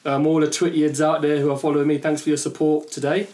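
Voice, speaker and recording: A man guest on a podcast giving shout-outs, hesitant with many ums. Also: fairly high pitch, flat delivery, quick pace. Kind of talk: casual chat.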